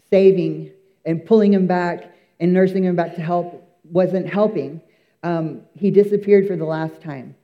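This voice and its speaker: A man with a high-pitched voice tells his church testimony in an earnest, emphatic way, often pausing on fillers and restarting. The recording sounds slightly dull and lo-fi. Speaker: person giving a testimony.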